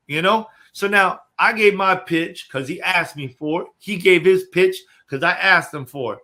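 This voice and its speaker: A man co-hosting a casual talk show, telling an animated story and reading messages aloud. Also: high-pitched, normal speed, hardly any pauses. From Florida. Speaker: co-host.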